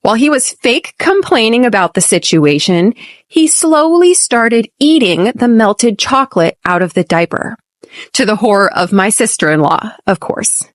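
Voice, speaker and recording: American woman, podcast teacher, higher voice, clear deliberate delivery, dry close sound. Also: lively intonation, dry recording. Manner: clear, deliberate, models phrases slowly for repetition. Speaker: podcast host and English teacher. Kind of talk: scripted English lesson podcast.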